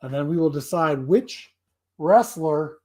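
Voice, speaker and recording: A man's voice: fairly high pitch, animated, unhurried, darkish tone. A man hosting a casual live stream, rambling and laughing often. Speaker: streamer host.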